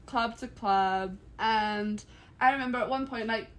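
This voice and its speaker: A woman in her twenties, co-hosting a casual podcast, telling a story in a relaxed way with lots of fillers. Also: a little high. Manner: relaxed storyteller, filler-heavy, quick to laugh. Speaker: podcast co-host. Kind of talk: casual chat.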